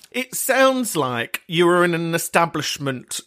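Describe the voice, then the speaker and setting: A man's voice: high voice, sharp tone. A British man hosting a comic call-in podcast, camp and teasing, who swears freely and laughs often. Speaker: podcast host.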